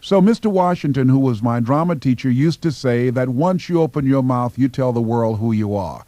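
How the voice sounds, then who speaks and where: A man from Miami, Florida, giving a motivational speech through personal stories, with slow, emphatic phrasing. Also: mid-range voice, animated, warm tone, no echo. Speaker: motivational speaker.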